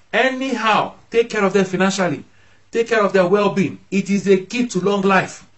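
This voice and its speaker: A man's voice: high voice, poor audio. A man preaching a sermon as pastor, emphatic, his voice rising sharply when he acts out scolding parents.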